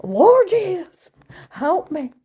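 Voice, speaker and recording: A woman voicing her very old, devout, hot-headed mother, who yells and scolds and calls on the Lord. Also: lively intonation, a little slow, creaky, heavily acted. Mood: outraged. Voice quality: loud, screaming, shrill. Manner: preachy, scolding, calling on the Lord.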